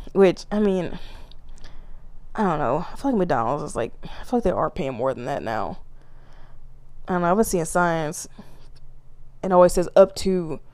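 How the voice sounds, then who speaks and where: A woman's voice: fairly low pitch, dry recording. A woman hosting her own solo podcast, ranting casually with lots of swearing and frequent laughs. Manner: profane, animated, laughs often. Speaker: podcast host.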